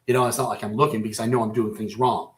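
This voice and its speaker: A man telling his own story as a radio guest, halting and repeating himself, close to breaking down. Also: on the low side, little pitch movement. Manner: halting, repeats and restarts phrases. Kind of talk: personal storytelling in a radio interview.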